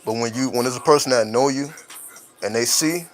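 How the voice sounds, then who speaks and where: A man's voice: medium pitch, a little fast, faint music behind, poor audio. A man hosting a late-night talk show, musing openly as a father in a loose, profane monologue that keeps checking in with "right?". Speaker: podcast host.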